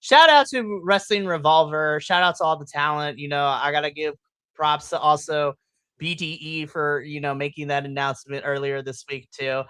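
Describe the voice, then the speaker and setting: A podcast co-host in casual post-show chat, excitable, laughing often and breaking into loud exclamations. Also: medium pitch, moderate pace, clear, resonant tone, no room sound.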